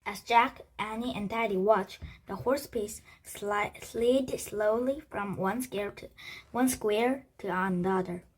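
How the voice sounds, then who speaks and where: Give me a woman reading a children's book aloud, slow and halting, with a breathy voice. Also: medium pitch, rough recording. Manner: halting, with frequent restarts and slips. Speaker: storybook reader.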